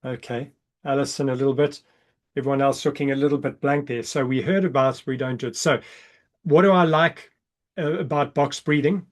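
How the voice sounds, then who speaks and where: A man leading a breathwork workshop over a video call, explaining exercises and counting slowly and softly through the breaths. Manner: calm counting, drops soft and low during counts. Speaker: breathwork coach.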